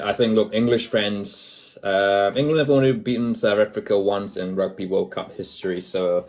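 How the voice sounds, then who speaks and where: A man from New Zealand talks through an upcoming rugby match in his own casual way, his voice sitting very low. He thinks aloud, stopping and starting with plenty of fillers. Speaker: rugby commentator. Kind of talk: casual rugby preview commentary.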